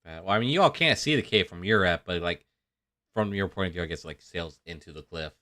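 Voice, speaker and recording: A man's voice: deep voice, brisk, pushed and bright, no echo, studio quality. A man running a tabletop game as game master, laughing often and hesitating with fillers. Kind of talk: narrating a tabletop game over a call.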